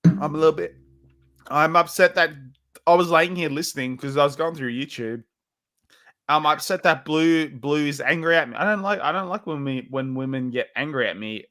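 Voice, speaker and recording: A man's voice: on the high side, moderate pace, fairly bright tone. A drunk man with hiccups, rambling on a livestream while reading the chat, swinging between insults and self-pity. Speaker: livestream co-host.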